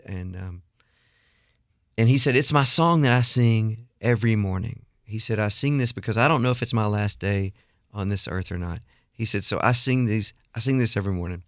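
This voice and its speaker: A middle-aged man telling a story in a radio studio interview, animated and acting out the people he quotes. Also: fairly low pitch, no echo. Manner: animated storyteller, acts out quotes, laughs often. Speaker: guest songwriter.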